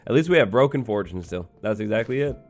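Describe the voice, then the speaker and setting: A man's voice: on the low side, animated, quick pace, faint music behind. A young man giving casual, rambling commentary over his own gameplay, joking and filling gaps with "like" and "uh". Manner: rambling, joking, full of fillers and mock-innocent asides. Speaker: let's play host.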